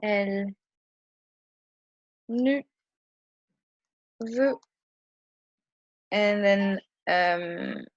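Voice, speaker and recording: A woman's voice: mid-range voice, extremely slow, long pauses, dry recording, lo-fi sound. A woman teaching a French grammar lesson at a whiteboard, explaining patiently with frequent ums and restarts. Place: indoor room with a whiteboard.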